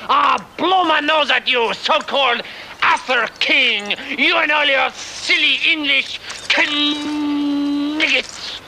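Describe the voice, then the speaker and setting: A jeering French castle guard. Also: male voice, extremely high pitch, takes it slowly, creaky, noisy background, full character voice. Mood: taunting. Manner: insulting, taunting, shouting. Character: rude, mocking French castle guard, adult man. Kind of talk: comedy film acting.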